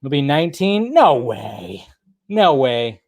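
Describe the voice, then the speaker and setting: A man's voice: fairly high pitch, big pitch swings, measured pace, dry recording, studio quality. A young man hosting a casual live stream, chatting and greeting viewers by name, with a slight throaty cough. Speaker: livestream host. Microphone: desk microphone.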